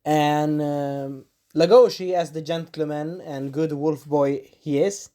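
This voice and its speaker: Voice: mid-range voice, fairly even intonation, slow, dark tone. An anime reviewer rambling through an episode recap in casual chat, swearing and acting out quotes.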